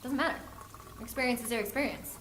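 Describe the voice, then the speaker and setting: A woman's voice: fairly high pitch, quick pace, fairly bright tone, a little hiss or hum. A woman, a family therapist, giving a workshop lecture and acting out the parents and kids she quotes. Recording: echoey room, faint ambience.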